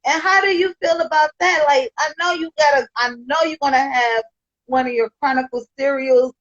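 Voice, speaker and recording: A woman's voice: sits high, fairly even intonation, moderate pace, fairly bright tone. A woman hosting her own podcast, chatting casually and enthusiastically with her guest. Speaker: podcast host. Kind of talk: casual interview chat. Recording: dull lo-fi audio.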